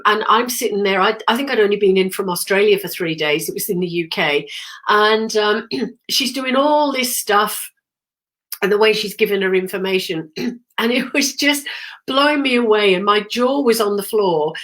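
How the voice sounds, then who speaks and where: A middle-aged woman with a cold, clearing her throat often as she hosts a rambling, chatty live stream about her work as a medium. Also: mid-range voice, normal speed, a bit bright. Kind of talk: casual live-stream chat.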